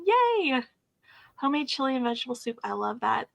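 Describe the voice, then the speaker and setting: A woman's voice: sits high, very animated, brisk, vocal fry, heavy background noise. A woman co-hosting a crafting livestream, welcoming viewers in upbeat, casual chat and thinking aloud with fillers. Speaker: co-host of a beading livestream.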